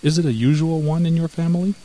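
A man voicing a timid, fretful female house mouse in a storybook, squeaky and exclaiming. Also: flat delivery, fast talker, mellow, lightly acted, poor audio.

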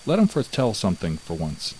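A man voicing a curious, excitable country miller who exclaims in surprise, with a low voice. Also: fast, a little hiss or hum, low-quality recording. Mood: eager.

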